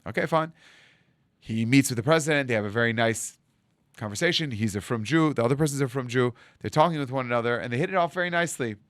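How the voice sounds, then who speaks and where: Rabbi telling a story, dry close sound. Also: male voice, medium pitch, quick pace, no room sound. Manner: animated storyteller acting out dialogue. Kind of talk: storytelling sermon.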